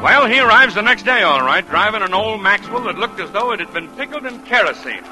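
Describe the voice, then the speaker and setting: Gruff middle-aged ball manager, sarcastic, high and lively voice, old radio with music. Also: male voice, brisk, exaggerated voice, poor audio. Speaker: narrator and baseball manager. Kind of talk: 1940s radio acting.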